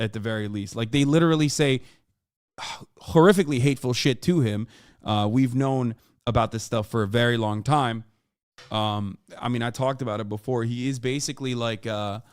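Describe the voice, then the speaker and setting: A man's voice: mid-range voice, clear, resonant tone, no room sound, clean studio sound. A man in his thirties, a streamer giving casual, profane live-stream commentary, ranting emphatically with plenty of fillers. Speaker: streamer reacting to a clip.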